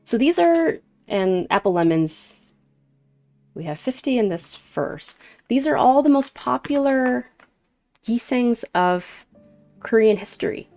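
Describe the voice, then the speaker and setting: Casting note: chatty woman in her thirties, streamer doing card readings, gravelly fry, faint music under her. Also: fairly high pitch, lively intonation, slow. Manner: chatty, greets viewers warmly by name, laughs often. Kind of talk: casual live-stream chat.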